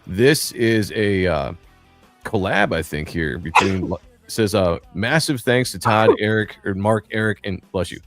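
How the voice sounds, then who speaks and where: A man's voice: fairly low pitch, animated, a little slow, soft background music. A man hosting a casual comics livestream, reading chat aloud and teasing his co-hosts in a laid-back way. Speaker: livestream host.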